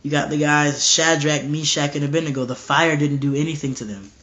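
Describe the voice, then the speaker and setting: This man's voice is fairly high, and he talks a little fast as he preaches casually and earnestly. Stumbles and repeated words come often, and now and then he animatedly performs bold dialogue. The recording sounds dull and lo-fi.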